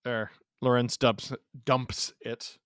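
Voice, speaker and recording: Excitable host calling hockey, bright voice. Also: male voice, medium pitch, takes it slowly, smooth, no echo, studio quality. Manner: excitable, jumps between shouting and muttering. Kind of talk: live watch-along hockey commentary.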